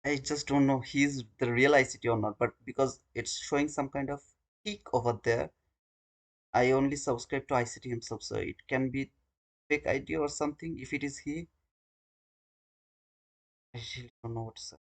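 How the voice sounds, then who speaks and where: A man's voice: mid-range voice, fairly even intonation, moderate pace, long pauses. A man hosting a live trading stream, talking to his viewers in an earnest, informal way.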